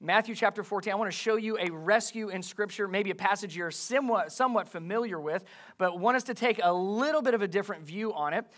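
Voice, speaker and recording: A man's voice: high voice, fast, fairly bright tone. A man preaching a sermon in church, reading scripture and posing rhetorical questions to his congregation in a conversational way. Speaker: pastor.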